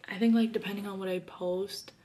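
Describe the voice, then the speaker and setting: A woman's voice: medium pitch, steady tone, a little fast, dark tone. A woman, chatting casually to camera about herself while doing her makeup. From Arizona, USA. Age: early 20s. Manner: chatty and bubbly, heavy use of "like" fillers. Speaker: YouTuber.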